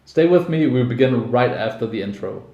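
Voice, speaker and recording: A man's voice: mid-range voice, lively intonation, moderate pace, mellow, lo-fi sound, slight background noise. A man from Denmark, a native Danish speaker, giving casual news commentary with wry, sarcastic asides. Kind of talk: casual news commentary, reading articles aloud. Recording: echoey room.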